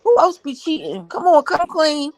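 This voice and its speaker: A woman's voice: high-pitched, big pitch swings, moderate pace. A woman co-hosting a livestream chat, blunt and teasing, with slangy talk. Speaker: livestream co-host. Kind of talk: casual chat.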